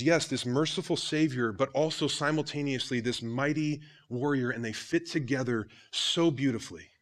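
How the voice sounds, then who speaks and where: A man in his thirties preaching a sermon in a conversational way, often turning to his listeners with questions. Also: medium pitch. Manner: conversational preaching, addresses congregation as guys. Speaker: pastor.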